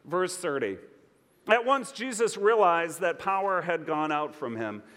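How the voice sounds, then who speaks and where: A male pastor delivering a sermon with a fairly high voice. He shifts between quiet, drawn-out emphasis and bright bursts aimed at his listeners. A long reverb from the hall follows his words. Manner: expressive preaching with conversational asides.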